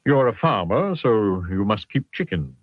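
Mister Strong, voiced low by a man. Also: unhurried, no room sound. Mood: modest. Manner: calm, matter-of-fact. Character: immensely strong, modest grown man. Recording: dull lo-fi sound.

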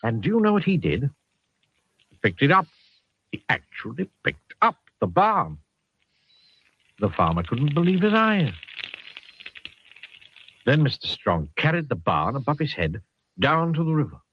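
A man reading a children's picture book aloud with a very expressive, swooping delivery. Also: fairly high pitch, measured pace, pauses often, breathy edge, no echo. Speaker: storyteller. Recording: dull lo-fi sound.

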